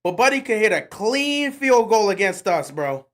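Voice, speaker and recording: A livestream host with a high, sing-song voice and a fairly bright tone calls a football game play by play at normal speed. His watch-along commentary comes in slangy, exasperated rants.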